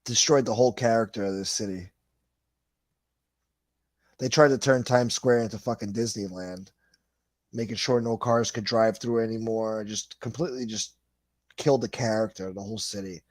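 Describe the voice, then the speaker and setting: A man's voice: on the low side, fairly even intonation, moderate pace, long pauses, dry recording. A middle-aged man, hosting a livestream and reading chat comments in a blunt, profane, rambling way. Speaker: livestream host.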